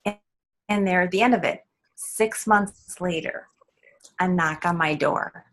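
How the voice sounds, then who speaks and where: A woman with a lowish voice tells a personal story as a guest in an interview. She speaks haltingly, pausing on ums and restarting her sentences as she goes. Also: fairly bright tone. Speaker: guest author.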